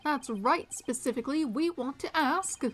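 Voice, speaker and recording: A woman voicing an overeager, self-righteous male police detective with a booming delivery, faint music behind. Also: normal speed, fairly bright tone. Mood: zealous.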